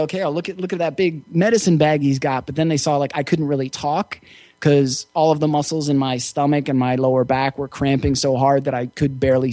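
Male interview guest, fairly high voice, easygoing and reflective storyteller, close dry recording. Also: darkish tone, no echo. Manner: reflective, easygoing, with frequent fillers. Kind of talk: casual storytelling.

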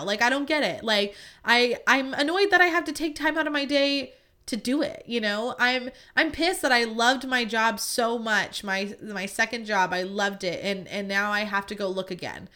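Podcast host, young woman, bright and clear, candid casual chat. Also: a little high, moderate pace. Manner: chatty and candid, many "like" and "you know" fillers; venting, frank with mild swearing.

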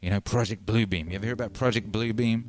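A man hosting a casual livestream, talking animatedly and swinging from loud shouts to low mutters. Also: fairly even intonation, fast, no room sound. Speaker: livestream host and musician.

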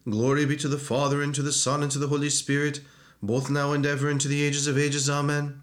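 A man's voice: on the high side, monotone, fast. A man steadily reciting liturgical prayers as a reader.

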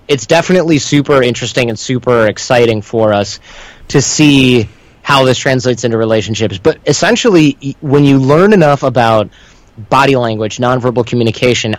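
A man's voice: medium pitch, brisk, dry recording, low-quality recording. A man speaking as a guest instructor, telling stories in a rambling, conversational way and briefly acting out the voices of people he quotes. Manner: rambling, self-described windbag; acts out quoted voices within anecdotes. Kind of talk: conversational storytelling.

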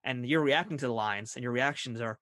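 A man's voice: medium pitch, a little fast, a bit bright, dry recording, clean studio sound. A man hosting a podcast, asking questions in an eager, fan-like way. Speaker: podcast host. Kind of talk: podcast interview.

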